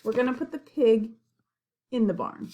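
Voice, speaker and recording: A woman teaching young children in a slow, simple way, gentle and encouraging, naming farm animals. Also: fairly high pitch, muffled recording.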